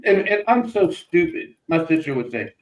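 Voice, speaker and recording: Brief: middle-aged male co-host, laughing storyteller, slightly high voice, echoey room. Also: moderate pace, dull audio. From Florida. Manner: animated, laughing, acts out voices in his stories. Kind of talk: casual storytelling chat.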